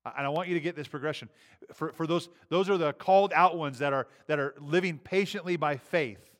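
A pastor preaching a sermon in a conversational style, often restarting phrases and rising emphatically on key lines. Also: male voice, on the high side, fairly quick.

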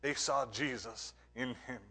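A man preaching a sermon as pastor, earnest, moving between emphatic points and hushed, quiet lines. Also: mid-range voice, measured pace.

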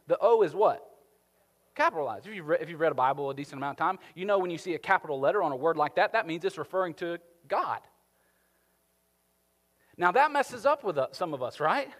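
Animated preacher in a reverberant hall. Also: male voice, fairly high pitch. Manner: animated, rising to emphatic peaks then dropping soft. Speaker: pastor. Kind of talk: sermon.

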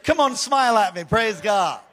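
Brief: male preacher, animated storyteller, bright and high in pitch. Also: normal speed. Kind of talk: sermon.

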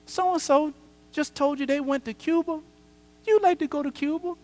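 A man voicing a sly tempting inner voice that needles and accuses with rapid questions. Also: very high-pitched, fairly even intonation, a little mellow, pitched above the performer's own voice. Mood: taunting. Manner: taunting, rapid-fire questions. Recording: long church hall reverb.

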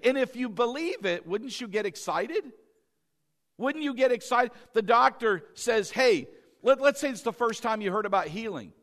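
Male pastor, high bright voice, fervent sermon delivery with big swings in volume. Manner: fervent, swings from soft to shouting.

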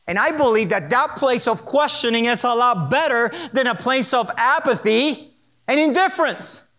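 High-voiced man preaching a sermon. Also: lively intonation, normal speed, a bit bright. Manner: earnest, emphatic preaching with repetition and asides. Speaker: pastor. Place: church sanctuary.

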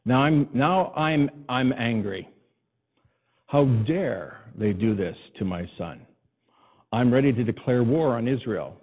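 A middle-aged male pastor preaching a sermon, telling personal stories with self-deprecating laughs and swinging between loud emphasis and soft, tender passages. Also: mid-range voice, lively intonation, slow, lo-fi sound, slight background noise.

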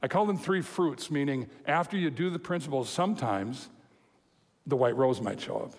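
A man preaching a sermon, telling a story with lively quoted voices and chuckles. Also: mid-range voice, moderate pace. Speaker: pastor. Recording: long hall reverb.

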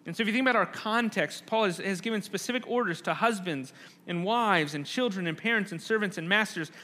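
A man's voice: sits high, a little fast, pushed and bright. A man preaching a conversational sermon, often restarting phrases, and acting out quoted lines with rising intensity. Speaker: pastor.

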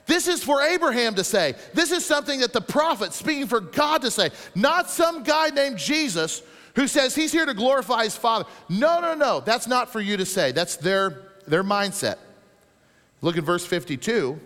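Animated preacher man in a reverberant hall. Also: very high voice. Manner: animated preaching, dramatic rises and drops, reads scripture slowly. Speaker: pastor. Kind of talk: sermon.

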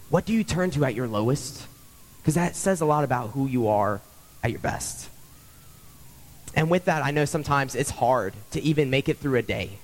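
A young man preaching a sermon as pastor, earnest and conversational, repeating phrases for emphasis. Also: fairly high pitch.

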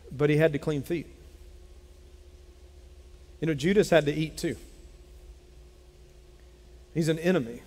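A man preaching a sermon as pastor, telling a Bible story in an animated way and acting out its characters. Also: on the high side. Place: church sanctuary. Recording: long hall reverb.

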